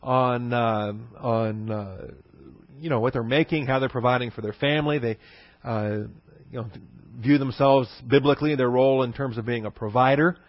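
A man's voice: mid-range voice, moderate pace, no echo. A man teaches a sermon, talking it through conversationally with rhetorical questions and frequent fillers. The recording is dull and lo-fi, and the sound is dry and close. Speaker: pastor.

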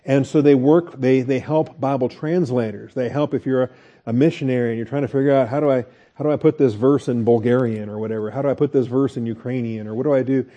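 Dark, mellow man teaching a Bible class. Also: mid-range voice, steady tone, fast, lo-fi sound. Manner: conversational, asks the class questions, restarts sentences. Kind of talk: Bible study lecture.

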